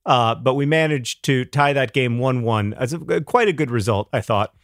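A man's voice: mid-range voice, moderate pace, no room sound. A middle-aged man co-hosts a podcast in casual chat. He rambles playfully and laughs easily, and his voice sounds close and dry. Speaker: podcast co-host.

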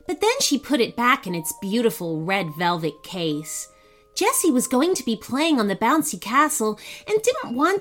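A woman host reading a sponsor spot and narrating a children's story in a gentle, expressive read-aloud way. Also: on the high side.

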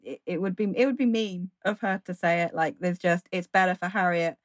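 A woman's voice: fairly low pitch, fairly even intonation, fairly quick, no room sound, clean studio sound. A woman co-hosting a podcast, chatting enthusiastically with lots of filler words. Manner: enthusiastic, many filler likes. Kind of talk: casual chat.

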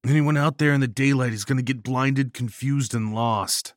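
A man's voice: mid-range voice, moderate pace, no room sound, studio quality, voice pushed up, natural voice. A man voicing Carter, an anxious, practical young man in a horror audio story. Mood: matter-of-fact.

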